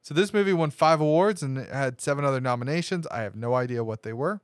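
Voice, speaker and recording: A man in an ordinary middle pitch, hosting a movie podcast and working through his notes. He rambles and restarts his sentences. The sound is dry and close, with no room around it. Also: quick pace, no room sound. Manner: rambling, reads cast notes with fillers and restarts. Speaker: podcast host. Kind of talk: casual movie podcast chat.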